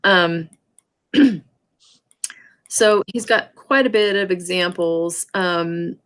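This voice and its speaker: A woman's voice: on the low side, extremely slow, a bit bright. A woman teaching a sign language class online, explaining casually with many fillers and restarts over a computer mic.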